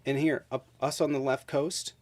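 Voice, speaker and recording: A man hosting a casual livestream rant, blunt and heated, with cuss words flying through every point he makes. His voice sits in an ordinary middle pitch. The sound is dry and close, with no room around it. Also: little pitch movement, normal speed, a little mellow, dry recording. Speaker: streamer host.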